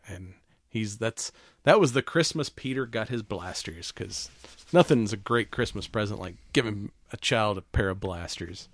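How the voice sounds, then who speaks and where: A man's voice: fairly low pitch, animated, moderate pace, no echo. A man co-hosting a podcast, casually recapping a holiday movie with plenty of swearing and laughter. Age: adult, has kids. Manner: retells scenes with quoted character lines, swears freely, laughs often. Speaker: podcast co-host.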